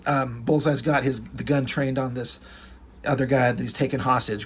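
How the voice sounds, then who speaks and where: A man's voice: mid-range voice, steady tone, normal speed, slightly rough. A man casually talking through an old comic, rambling and swearing as he goes. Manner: rambling, swears, reads comic lines aloud. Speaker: comic book reviewer. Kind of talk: casual comic review chat.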